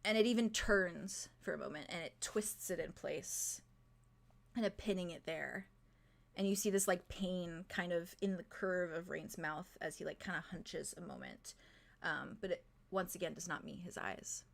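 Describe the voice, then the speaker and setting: A woman as game master narrating a tabletop game, halting and full of fillers. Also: fairly low pitch, vocal fry.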